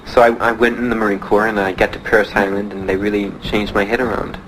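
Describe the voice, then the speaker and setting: A young man, a veteran, telling his own story in plain, halting speech with many pauses. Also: fairly low pitch, level tone, noisy background. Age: young adult. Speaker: Vietnam veteran giving testimony. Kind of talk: personal testimony.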